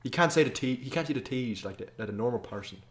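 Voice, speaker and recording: Lively podcast co-host man. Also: mid-range voice, fast. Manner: playful, drops into silly mock voices. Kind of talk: casual chat.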